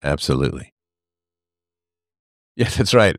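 A middle-aged man hosting a livestream, talking to his chat in a sarcastic, animated monologue. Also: a little slow, dry recording, clean studio sound. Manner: animated, sarcastic, mimics others in higher voices. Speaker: livestream host. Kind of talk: casual monologue to live chat.

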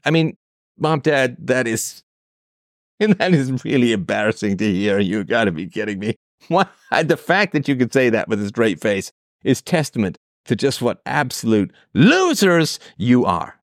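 A man's voice: medium pitch, sing-song, measured pace, no room sound, studio quality. A man hosting an advice show, answering a listener's letter in a blunt, sarcastic, profane monologue.

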